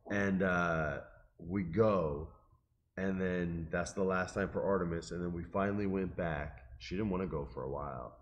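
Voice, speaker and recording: A middle-aged man casually telling an emotional, animated story and quoting the people in it. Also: sits low, moderate pace, highs cut off. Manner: animated, emotional, quotes people in his stories.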